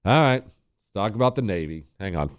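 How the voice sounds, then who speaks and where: A man hosting a political talk radio show, sarcastic and mocking, jumping between loud jabs and low asides. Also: animated, a little fast, heavy background noise.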